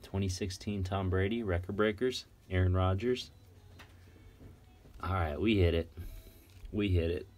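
A man casually chatting while going through a box of trading cards, excitedly rattling off names. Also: low voice, measured pace, long pauses. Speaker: card collector vlogger. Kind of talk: casual unboxing chat.

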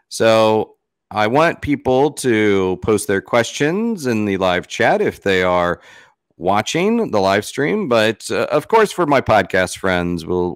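A man's voice: on the low side, no echo, studio quality. A man hosting a paranormal podcast, introducing his guest in a chatty, rambling way with self-corrections. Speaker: podcast host. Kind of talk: casual interview intro.

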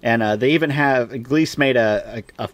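A man's voice: mid-range voice, moderate pace, no room sound. Chatty male podcaster, dry close sound. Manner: rambling, acts out quoted lines in a raised voice. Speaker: podcast co-host. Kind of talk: casual movie review chat.

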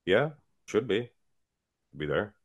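A man's voice: fairly low pitch, sing-song, takes it slowly. A man co-hosting a podcast, chatting casually and joking around in a laid-back way. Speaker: podcast co-host. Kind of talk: casual chat.

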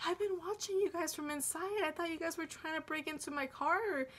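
A kindly old lady with a high, light voice, as a young woman puts her on in a storytime vlog. She sounds gentle and amused, and she talks as if she is reassuring someone. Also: a little fast. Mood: surprised. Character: sweet old woman, car owner, kindly.

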